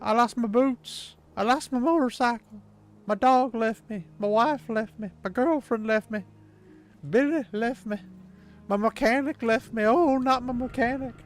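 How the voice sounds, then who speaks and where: A man putting on a whiny country singer voice, high and drawling as he lists his losses. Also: unhurried. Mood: lamenting.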